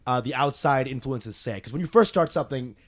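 A young man, a comedian, talking casually and profanely on a podcast, animated and quick to joke. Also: mid-range voice.

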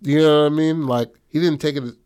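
A man's voice: fairly high pitch, steady tone, fast, darkish tone, clear, resonant tone. A man in casual chat, retelling a film story in slangy, profane talk full of fillers. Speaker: co-writer pitching a film story.

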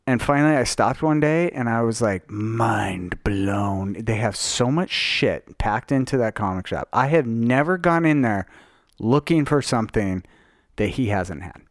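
Lively, joking podcast co-host man. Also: mid-range voice, a little slow, no echo, clean studio sound. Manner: animated, joking, swears freely. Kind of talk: casual chat.

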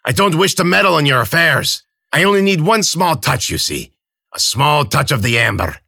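A man's voice: fairly high pitch, sing-song, normal speed, vocal fry, pushed and bright, breathy edge, no room sound, studio quality, voice pushed up, heavily acted. A man voicing a fawning, scheming old crone in an audiobook, wheedling and raised well above his own voice. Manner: wheedling, then bitter and spitting. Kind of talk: audiobook character voice.

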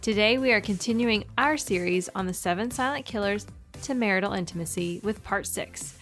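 A woman co-hosting a podcast, chatting in an upbeat, warm way and laughing easily. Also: medium pitch, normal speed, faint music behind. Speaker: podcast co-host. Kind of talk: casual chat.

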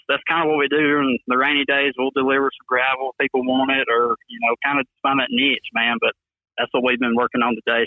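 A man's voice: mid-range voice, dry recording. A man in his twenties with a thick Alabama accent, a guest talking in an easygoing, drawling way, often adding "man" and "you know". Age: 20s. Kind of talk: casual phone interview. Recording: tinny dry phone line.

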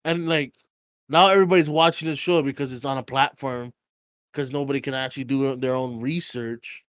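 A man's voice: medium pitch, steady tone, brisk, a bit bright, dry recording, clean studio sound. A man co-hosting a casual podcast, rambling with lots of filler words and swearing freely over a voice call. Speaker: podcast co-host. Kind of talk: casual chat. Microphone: computer mic on a voice call.

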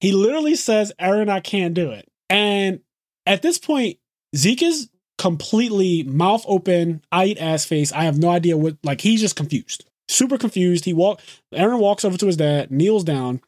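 Excited high-voiced man recapping. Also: dry recording, studio quality. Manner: excited, swears freely, rapid run-on retelling. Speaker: podcast host. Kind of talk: casual anime episode recap.

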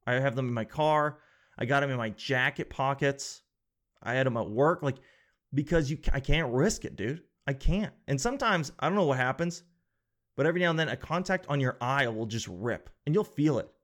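A man's voice: mid-range voice, moderate pace, a bit bright. Rambling sarcastic man. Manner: rambling, sarcastic, jokey, swears casually. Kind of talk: casual comedic monologue.

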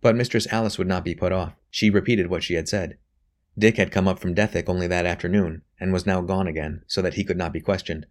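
Deep-voiced male audiobook narrator. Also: fairly even intonation, fast. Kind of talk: scripted narration.

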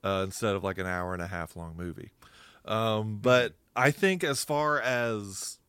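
A man with a low, smooth, resonant voice co-hosts a podcast in a casual chat, explaining at length with plenty of fillers and restarts. He is recorded dry and close, with no room echo. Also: a little slow, fairly bright tone. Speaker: podcast co-host.

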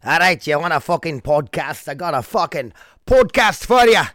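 A man voicing a condescending male announcer in a loud, slow, drifting mock-Irish accent that swears a lot. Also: a little high, very animated, no room sound, studio quality, voice pushed up. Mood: ranting. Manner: shouty, profane, slow and drawn out. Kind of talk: comic put-on voice.

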